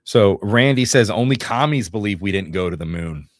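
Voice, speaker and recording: This livestream co-host, a middle-aged man from Northeast Georgia in the US, jokes and rambles through notes and viewer comments on a casual stream. He speaks at a moderate pace in a fairly low, animated voice, recorded studio-clean without echo.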